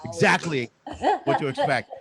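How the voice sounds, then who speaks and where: A stand-up comedian on a video call, telling a rambling, halting story with many restarts. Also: male voice, on the high side, very animated, over a noisy crowd. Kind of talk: stand-up set.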